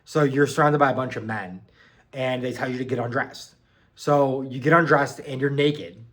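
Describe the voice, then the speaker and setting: Recounting his time at boot camp, a young male vlogger rambles casually, filling his story with "like," "um" and plenty of swearing. He has a mid-range, slightly bright voice with fairly even intonation and speaks at a normal speed.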